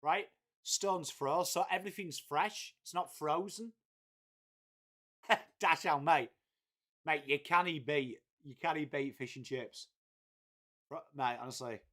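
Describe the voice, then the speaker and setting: Male streamer with a higher voice, chatty laddish banter, swears freely. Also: takes it slowly, pauses often, bright, forceful tone. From England, Whitby. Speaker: livestream host. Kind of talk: casual live watchalong chat, reading viewer messages.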